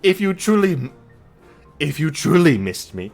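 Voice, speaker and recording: A man's voice: a little high, very animated, unhurried, creaky, faint music behind, voice pushed up, heavily acted. A man voicing a flamboyant, theatrical fairy king, attempting a lilting accent and speaking in a grand, fond manner. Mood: wounded, teasing.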